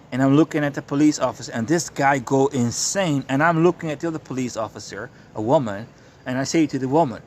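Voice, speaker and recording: A man's voice: mid-range voice, a little hiss or hum. Profane, ranting male street preacher. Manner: profane, emphatic, keeps insisting he is telling the truth. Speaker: self-described prophet and street preacher. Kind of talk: ranting monologue.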